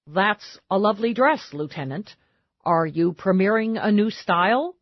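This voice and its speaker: A woman's voice: mid-range voice, animated, a little slow, dry recording, muffled recording. Woman voicing a flustered young police aide. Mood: earnest. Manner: formal, stammering. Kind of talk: audiobook narration.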